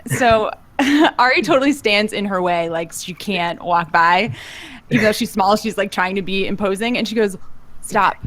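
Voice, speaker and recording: A woman taking part as a player in a tabletop game, giggly and lively. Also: medium pitch, normal speed.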